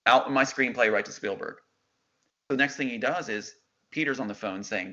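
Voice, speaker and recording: Man, middle-aged, intense, insistent, bright, dull recording. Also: mid-range voice, a little fast. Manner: intense, insistent, quotes others' words. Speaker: interview guest. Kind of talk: emotional storytelling. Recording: dull lo-fi sound.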